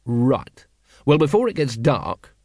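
A man's voice: mid-range voice, very animated, takes it slowly, a little mellow, dry recording, heavily acted. A man reading an audiobook, voicing a weary, blunt middle-aged watch captain with a terse, dry manner. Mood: wary.

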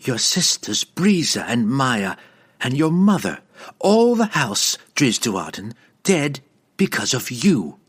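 A man voicing a cruel, vengeful dark elf priestess, cackling and snarling in slow, accusing lines, in an audiobook. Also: mid-range voice, wildly swooping pitch, slightly rough, pitched above the performer's own voice, heavily acted. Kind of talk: audiobook character voice.

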